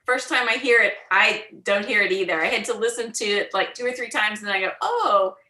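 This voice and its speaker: Woman, student, reflective, bright voice, echoey room. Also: medium pitch, fast talker. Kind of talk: classroom remark.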